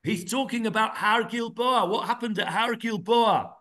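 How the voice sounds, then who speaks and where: High, bright-voiced male Bible teacher. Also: moderate pace. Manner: reads verses aloud, then explains them and quizzes the class; hesitant, searching for words with many fillers. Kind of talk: interactive text study.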